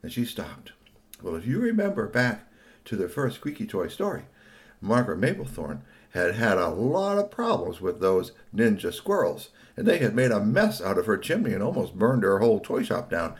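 A man telling a children's story aloud, swooping between hushed asides and excited bursts. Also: lowish voice, normal speed.

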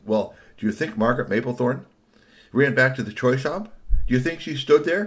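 A man telling a children's story aloud, swooping between hushed asides and excited bursts. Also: medium pitch, brisk.

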